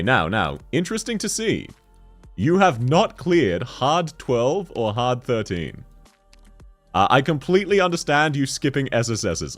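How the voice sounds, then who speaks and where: A young man chatting casually on a game livestream, joking, laughing often and reading chat messages aloud. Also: medium pitch. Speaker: streamer.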